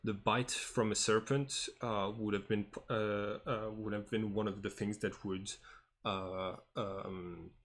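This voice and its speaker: Slow, halting man running a tabletop game. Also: fairly low pitch, steady tone, a bit bright. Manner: hesitant, halting, many fillers and restarts. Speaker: game master. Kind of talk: improvised tabletop game narration and in-character talk. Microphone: online voice call.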